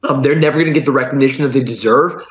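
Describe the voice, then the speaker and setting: A man who is a veteran special operator, guesting on a talk show and answering earnestly with halting restarts. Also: mid-range voice, rough recording. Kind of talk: interview answer.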